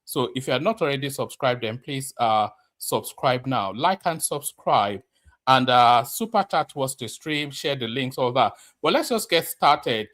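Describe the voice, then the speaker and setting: A man's voice: mid-range voice, lively intonation, measured pace, fairly bright tone. A man hosting a casual livestream reaction, talking in a rambling way with many fillers and restarts, a little out of breath. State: slightly out of breath. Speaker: commentator host.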